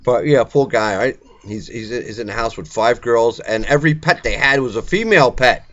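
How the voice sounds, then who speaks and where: An older man rambles and cracks jokes in a casual home video. His voice sits at an ordinary pitch. The recording is a bit dull and lo-fi. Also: normal speed, fairly bright tone. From Brooklyn, New York. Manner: joking, teasing, rambling banter. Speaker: vlogger.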